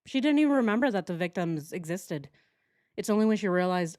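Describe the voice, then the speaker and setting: A woman hosts a true crime reaction, talking casually and sarcastically, mocking what she hears with mimicry and laughs. Her mid-range voice is brisk, a little mellow, with lively intonation, in a dry, studio-quality recording.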